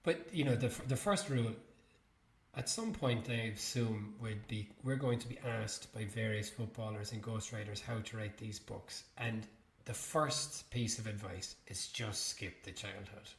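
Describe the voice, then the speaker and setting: A man co-hosting a podcast in relaxed, casual chat who laughs often and introduces audio clips. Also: on the low side, unhurried, vocal fry. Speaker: podcast co-host. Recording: echoey room.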